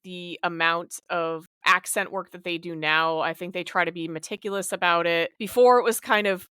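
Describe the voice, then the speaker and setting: Woman, podcast co-host, smooth dry voice, lively and chatty. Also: fairly low pitch, moderate pace, no echo. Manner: lively, chatty, laughs often. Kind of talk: casual chat.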